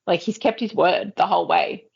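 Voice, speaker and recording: Husky, gravelly woman in casual chat. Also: lowish voice, a little fast. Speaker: podcast co-host. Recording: dull lo-fi podcast audio.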